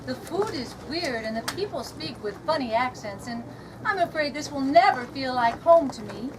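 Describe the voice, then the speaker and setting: Actress as a high-voiced, wondering Alice, heard from a distance over a noisy crowd. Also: female voice, animated, normal speed. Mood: puzzled. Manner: polite, wondering, questioning. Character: puzzled young woman Alice, polite outsider. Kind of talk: outdoor live stage comedy skit. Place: outdoor reenactment event. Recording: distant voice amid outdoor crowd.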